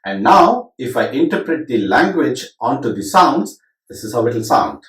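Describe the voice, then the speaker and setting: A man's voice: mid-range voice, big pitch swings, normal speed, a bit bright, far from the mic. A middle-aged man teaching percussion, counting beats aloud and reciting drum syllables in rhythm. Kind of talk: demonstrating rhythm lesson. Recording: roomy echo with drum music.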